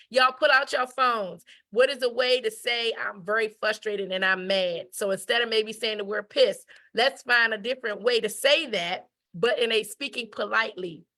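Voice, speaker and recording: A woman's voice: fairly high pitch, a bit bright. Emphatic woman teaching etiquette. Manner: emphatic, repeats key phrases, asks "right?"; acts out quoted speech. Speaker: etiquette educator. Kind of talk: conversational teaching talk.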